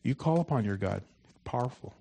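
A man preaching a sermon, moving from loud, emphatic lines to soft, hushed ones. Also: mid-range voice, animated, fairly quick, creaky, slightly rough, rough recording.

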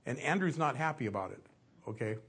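A middle-aged man preaching, his voice a touch husky and breathy. He tells stories in a loose, conversational sermon style and acts out short asides along the way. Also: medium pitch, animated, fast, a bit bright. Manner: conversational storytelling with acted-out asides.

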